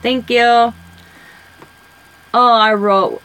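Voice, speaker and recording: Woman, 40s, rambling chatty storyteller, casual craft-vlog talk, slightly high voice. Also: moderate pace, long pauses, fairly bright tone, rough recording. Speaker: craft vlogger. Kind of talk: casual chat while coloring.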